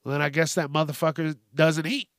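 A man's voice: a little high, steady tone, fairly quick, a bit bright, no echo, studio quality. A man hosting a podcast, ranting with heated, sweary sarcasm. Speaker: podcast host. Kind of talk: profane comedic rant.

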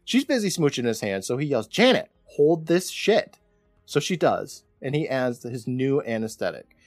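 A man co-hosting a podcast, casually recapping a TV episode with a lively, swooping delivery. He acts out the characters' lines in exaggerated voices. The sound is dry and close to the mic. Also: mid-range voice, moderate pace, dry recording, faint music behind. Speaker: podcast co-host.

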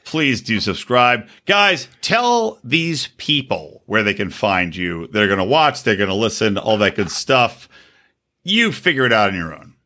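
A man hosting a podcast while drunk, his bright voice bouncing up and down. He rambles and slurs a little, boisterous and loose. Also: lowish voice, sing-song, unhurried. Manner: boisterous, slightly slurred. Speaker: podcast host. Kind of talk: casual drunk banter.

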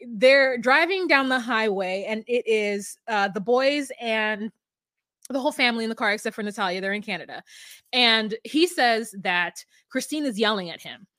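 A woman's voice: on the high side, no echo, clean studio sound. A woman co-hosting a podcast, recapping a show in casual chat and acting out what people said. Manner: animated storyteller acting out quotes. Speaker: podcast co-host.

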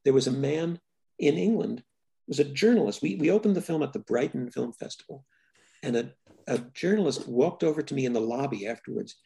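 Gravelly older man, thoughtful and halting. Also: medium pitch, lively intonation, dark tone. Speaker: filmmaker guest. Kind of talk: reflective interview answers.

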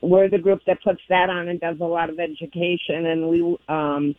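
A woman's voice: fairly low pitch, little pitch movement, normal speed, no room sound. A woman calling in to a radio show by phone, explaining a youth dog program steadily with many ums. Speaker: phone-in guest from a dog breeders' group. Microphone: telephone. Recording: tinny phone line.

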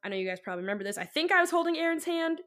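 A woman's voice: extremely high pitch, big pitch swings, racing, a bit bright. A young woman co-hosting a podcast, telling a personal story in a rambling, casual way, full of fillers and the odd swear word. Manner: rambling, full of likes and ums, swears freely. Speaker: podcast co-host.

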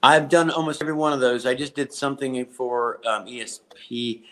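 A man, a comedian and podcast guest, telling anecdotes in a rambling, halting way, often restarting his sentences. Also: medium pitch, fairly bright tone.

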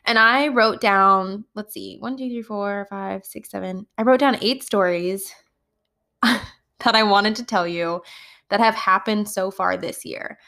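A woman's voice: mid-range voice, slow pace. A woman who is a kindergarten teacher, casually telling funny classroom stories with lots of laughter. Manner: animated, laughs often while telling stories. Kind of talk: casual storytelling podcast.

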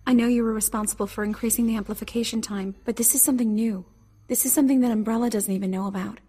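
A man voicing an earnest young woman scientist in an audiobook, talking fast and deadly serious. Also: sits high, steady tone, a little mellow, slightly rough, pitched above the performer's own voice. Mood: urgent.

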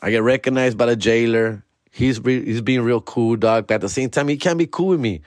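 A man's voice: mid-range voice, fairly quick, dry recording, studio quality. A young man, a podcast host telling a story in casual, profane slang mixed with Spanish.

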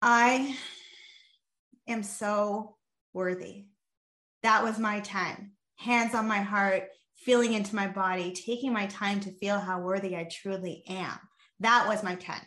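A woman's voice: mid-range voice, moderate pace, reverberant. A woman coach explaining a mindset method with energy, acting out examples as she goes. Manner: energetic, demonstrates with body and voice. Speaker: guest coach.

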